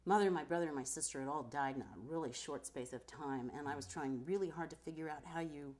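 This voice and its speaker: Speaking at a quick pace in a low-pitched voice, a middle-aged woman guests in an interview conversation. She's a filmmaker and actor whose trained stage voice carries her animated anecdotes and mimicry of others.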